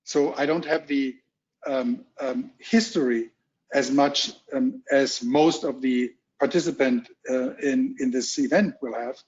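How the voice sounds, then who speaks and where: A middle-aged man from Germany with a strong German accent, giving a keynote at a virtual roundtable in a halting, measured way with many ums, heard over muffled video call audio. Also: medium pitch, fairly even intonation, a little mellow. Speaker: corporate executive keynote speaker. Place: home or office on a video call. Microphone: video call mic.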